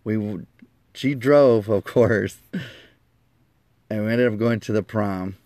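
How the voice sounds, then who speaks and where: A man with a fairly low voice tells a personal story with lively energy, acting out each quoted line. The sound is dry and close, with no room around it. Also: takes it slowly, dry recording. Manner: lively, acts out quoted lines, laughs at himself.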